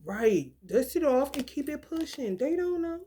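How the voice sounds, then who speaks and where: Woman, high voice, spiritual reader, casual vlog talk, cussing, animated. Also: unhurried. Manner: profane, animated, laughing asides.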